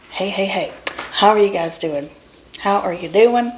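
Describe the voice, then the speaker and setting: A woman's voice: medium pitch, a little slow, a little hiss or hum. A woman vlogging from her home kitchen, rambling and chatting casually to her viewers. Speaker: doll nursery vlogger. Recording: echoey kitchen.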